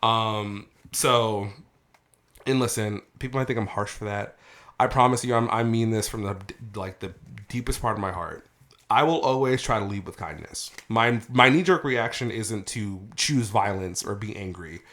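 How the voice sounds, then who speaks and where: A man's voice: lowish voice, normal speed. A man hosting a casual podcast, ranting animatedly with plenty of cursing. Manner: heated, profane ranting; animated storytelling. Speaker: podcast host.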